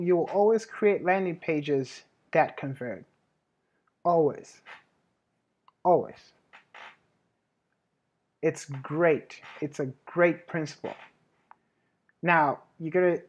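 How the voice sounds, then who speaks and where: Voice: mid-range voice, a little mellow, muffled recording. A host giving a casual marketing tutorial, chatty and self-correcting, with frequent restarts. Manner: plugs own services with a laugh. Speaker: host, web marketing advisor.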